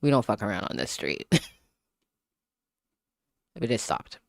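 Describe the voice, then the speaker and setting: A gravelly, medium-pitched voice with big pitch swings belongs to an author chatting with a livestream audience at a measured pace. Laughing often and swearing loosely, they talk into a small desktop mic in a room at home with the window open. There's no room sound, and the quality matches a studio's.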